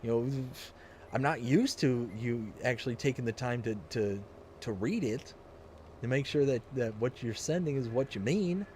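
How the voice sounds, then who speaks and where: Chatty male game streamer, mellow voice. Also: medium pitch, moderate pace, slight background noise. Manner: chatty, rambling, reads chat aloud, laughs often. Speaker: livestream host playing a farming game. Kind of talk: casual livestream chat.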